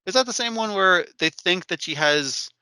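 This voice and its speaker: A man co-hosting an anime podcast, chatting casually with lots of swearing and acting out scenes in quick asides. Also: high voice, clean tone, dry recording. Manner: profane, animated, acts out characters in quick asides. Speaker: podcast co-host. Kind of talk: casual chat recapping an anime.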